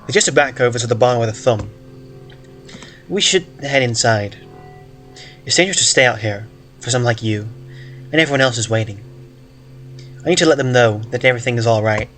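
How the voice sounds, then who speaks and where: Man reading as eerie placid child, slow pointed delivery, mid pitch, faint music behind. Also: lively intonation, a bit bright, lightly acted.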